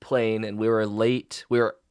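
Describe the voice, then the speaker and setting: A man co-hosting a podcast in casual chat, an animated storyteller who laughs often. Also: lowish voice, unhurried, clean tone, no echo, studio quality. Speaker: podcast co-host.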